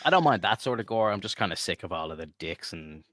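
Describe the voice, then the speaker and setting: A young podcast co-host with a lowish, fairly bright voice chats casually, very animated and quick. He swears a lot, rambles through long riffs packed with "like," and keeps cracking up laughing. The recording is dry and close, with no room sound.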